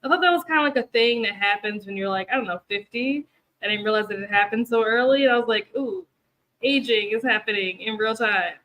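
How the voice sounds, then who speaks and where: Tired, chatty young woman, high voice. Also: quick pace, fairly bright tone, poor audio. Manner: rambling and chatty, laughs often, many fillers. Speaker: booktube host of reading sprints. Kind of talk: casual livestream chat to viewers.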